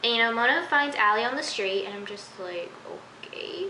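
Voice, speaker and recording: A woman's voice: fairly high pitch, expressive, brisk, pushed and bright. A young woman casually reviewing a TV episode, rambling with many fillers and incredulous asides. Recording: echoey room with faint hiss.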